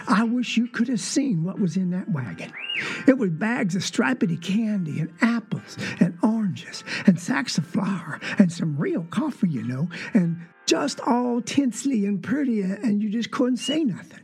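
Casting: a performer doing a Southern country kid spinning a yarn, gravelly, folksy, full of little asides. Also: mid-range voice, sing-song, measured pace, a little mellow, faint music behind, exaggerated voice. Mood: earnest, wondering. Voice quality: folksy dialect storytelling, drawling asides. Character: rural Southern child telling a Christmas memory. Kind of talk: dramatic monologue.

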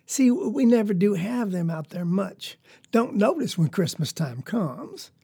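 A woman's voice: mid-range voice, sing-song, unhurried, vocal fry, warm tone, husky, heavily acted. A woman with a Southern US accent playing a young farm girl who tells a story in a rambling, folksy, confiding way. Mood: earnest. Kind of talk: dramatic monologue.

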